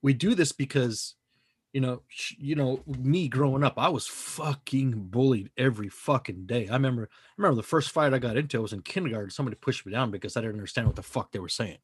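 A man's voice: medium pitch, quick pace, slightly rough, no room sound, studio quality. A man co-hosting a podcast, talking in a casual, profane, emphatic way that rambles from point to point. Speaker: podcast co-host.

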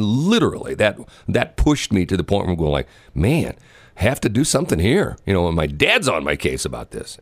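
A middle-aged man with a low voice co-hosts a radio talk show, trading casual on-air banter. He rambles and jokes, often repeating himself while telling stories, and the recording has no room sound.

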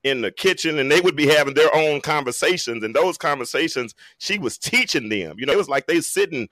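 A man's voice: on the high side, expressive, brisk, fairly bright tone, no room sound. A man in his forties speaking on a talk show panel, emphatic and preacherly, with folksy jokes. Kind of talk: animated panel discussion.

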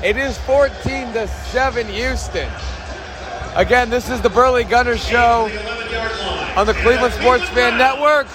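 A man hosting his own fan sports show live from the stands of an outdoor football stadium, talking in a hyped, shouty, rambling way and losing his voice. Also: very high voice, unhurried. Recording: loud stadium crowd and noise.

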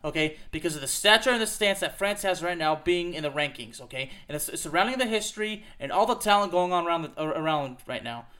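Host, male, high-pitched, emphatic repetitive ranter, casual show delivery. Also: animated, fast talker, few pauses, pushed and bright. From United States. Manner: emphatic, repetitive, fired-up ranting with frequent "okay?". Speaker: podcast host. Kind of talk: ranting soccer commentary.

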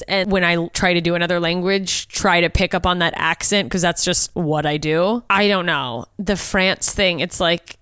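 A woman's voice: medium pitch, fairly bright tone, smooth, no echo. A young woman hosting a comedy show, reacting to clips with sarcastic, profane commentary. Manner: sarcastic, swears a lot. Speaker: podcast host.

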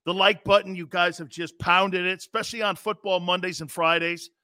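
A middle-aged man hosting a live sports talk stream, loud and excitable, reacting to the chat with exclamations. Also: high voice, brisk, no room sound. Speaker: sports talk show host.

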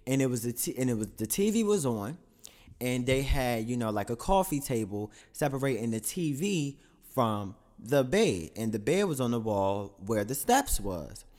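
Lively, profane man telling a confessional story. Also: mid-range voice, moderate pace. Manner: crude, profane, laughs through his own story; rambling, self-correcting asides to listeners.

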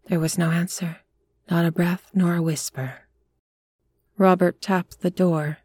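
Slow, low-voiced woman narrating a story. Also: fairly even intonation, no echo, clean studio sound. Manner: measured, hushed storytelling. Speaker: audiobook narrator.

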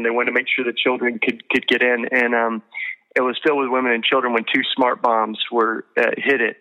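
A man's voice: medium pitch, lo-fi sound. A man being interviewed on a podcast, telling stories in an earnest, emotional way with many fillers and restarts. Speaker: guest. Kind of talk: storytelling interview talk.

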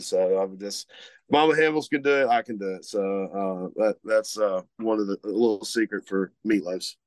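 A man's voice: medium pitch, no echo. Rambling man, dry studio sound. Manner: rambling, many fillers and restarts. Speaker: co-host, meat market owner. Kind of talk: casual chat.

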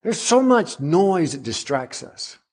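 A middle-aged man preaching a sermon as a guest pastor, climbing higher and louder on emphatic lines and dropping soft on quiet ones. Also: very animated, slow, slightly rough. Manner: rises in pitch and volume on emphatic runs, drops soft on quiet points.

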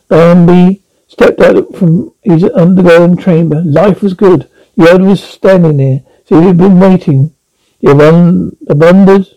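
A man reading a classic animal novel aloud, halting now and then with slips and restarts. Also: high voice, warm tone, lo-fi sound. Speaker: audiobook reader. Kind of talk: storybook narration.

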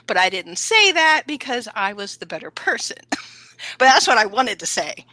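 During a casual podcast conversation, a co-host with a bright voice spins a story at a moderate pace, playing out the quoted lines in a high-pitched voice.

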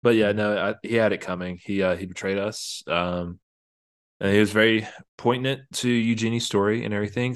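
A man co-hosting a podcast, recapping a video game in a relaxed, rambling way. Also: on the low side, a little fast, clean tone, no room sound, studio quality. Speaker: podcast co-host. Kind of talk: casual chat about a video game.

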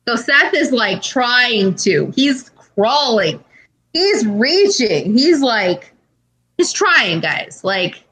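Animated, bright-voiced woman telling a story. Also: on the high side, rough recording. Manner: animated storytelling with frequent swearing and "like". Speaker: podcast co-host. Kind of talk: casual chat.

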